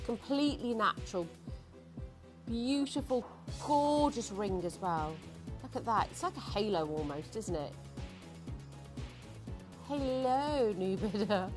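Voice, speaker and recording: A woman hosting a live TV shopping show, selling jewelry in chatty, self-mocking patter while congested and throaty from hay fever. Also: mid-range voice. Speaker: shopping channel host. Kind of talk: live TV sales presentation.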